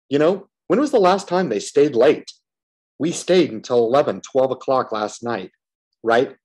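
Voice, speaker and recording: A man's voice: medium pitch, a little mellow, breathy edge. A man giving a frustrated solo commentary on a stock, blunt and repetitive, swearing casually and circling back to the same complaints.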